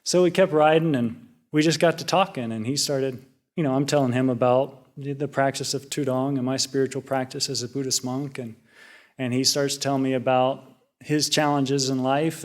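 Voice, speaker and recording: A young man talks through a personal story at a relaxed, rambling pace. He is a junior Buddhist monk giving a casual reflection. He often restarts his sentences and fills pauses with small hesitations. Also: mid-range voice.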